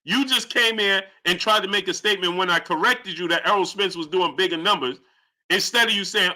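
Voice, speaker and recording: A young adult man hosting a live boxing stream, arguing heatedly with chat and climbing in pitch as he gets indignant. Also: brisk, pushed and bright. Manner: heated, argumentative, rising pitch when indignant. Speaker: boxing channel host.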